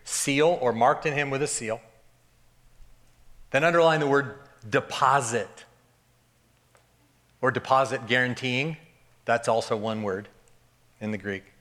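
A man's voice: medium pitch, a little slow, long pauses, a bit bright. A man preaching a sermon to a congregation in church, joking and chatting informally as he teaches. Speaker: pastor. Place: church service before a congregation.

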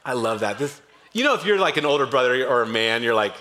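A man preaching a sermon as pastor, animated, acting out the people in the story with a shifting voice. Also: mid-range voice, quick pace. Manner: animated, acts out characters with shifting voice.

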